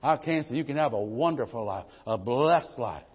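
A man's voice: medium pitch, animated, normal speed, husky. A middle-aged man, preaching a folksy, humorous sermon full of "amen"s. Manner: folksy, exclaims amen often, storytelling with humor. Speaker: pastor. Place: church sanctuary. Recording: dull lo-fi church recording with long reverb.

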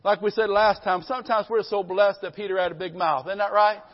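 Male pastor, high voice, fervent sermon delivery with call-outs for amens, dull lo-fi live church recording. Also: fairly even intonation, fairly quick. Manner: fervent preaching, calls for amens. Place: church service. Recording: dull lo-fi live stream audio.

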